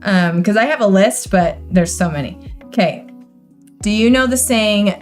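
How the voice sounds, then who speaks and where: A woman's voice: medium pitch, normal speed, soft background music. A young woman co-hosting a livestream in casual chat, playfully teasing and explaining old sayings. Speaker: co-host of livestream.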